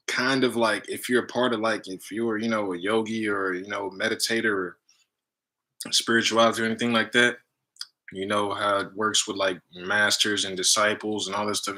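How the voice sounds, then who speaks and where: A man's voice: on the low side, bright, forceful tone. A man and spiritual teacher telling a story in loose, slangy casual talk, full of "you know" and "right?".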